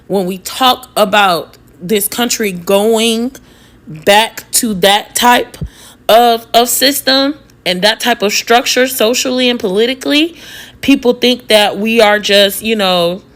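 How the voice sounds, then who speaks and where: A woman's voice: a little high, slow, a bit bright. A woman speaking in a heated, emotional casual monologue, swearing and breaking into nervous laughter. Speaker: social media commentator.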